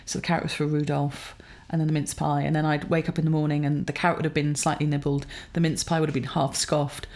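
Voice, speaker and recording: Brief: woman, 40s, lowish voice, rambling chatty co-host, laughs at her own tales. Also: flat delivery, fast talker, few pauses, darkish tone. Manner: rambling, self-amused storytelling with fillers. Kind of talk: casual chat.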